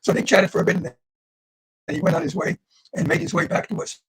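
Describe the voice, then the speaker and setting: Older man, eighties, high-pitched, gravelly, husky, earnest, speaks straight to listeners, video call. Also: fairly even intonation, quick pace, a bit bright, poor audio. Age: 80s. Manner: earnest, addresses listeners directly. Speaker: Holocaust survivor speaking to students. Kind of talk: livestreamed talk.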